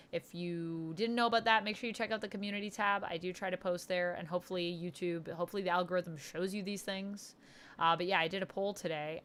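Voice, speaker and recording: This livestream host speaks with a medium-pitched, sharp-toned voice. In a casual chat, she gushes about comics like a true fan and reads out comments from viewers before responding to each.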